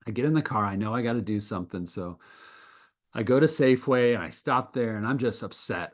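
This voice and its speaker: A man giving an earnest personal testimony as an interview guest. He tells it as a story, with frequent restarts and a plain middle-pitched voice. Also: animated, moderate pace. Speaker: guest animator.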